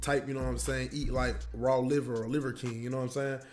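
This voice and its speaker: A man casually telling a funny story on his livestream in an animated, slangy way with lots of asides. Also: medium pitch, quick pace, soft background music.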